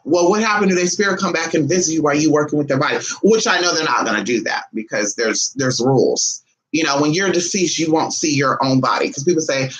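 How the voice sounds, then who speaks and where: A woman's voice: quick pace, low-quality recording. A woman spiritualist telling a casual story to her viewers, blunt and profane, acting out other people's lines in swooping voices. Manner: animated, blunt and profane, acts out others' lines with big pitch jumps. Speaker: spiritualist vlogger.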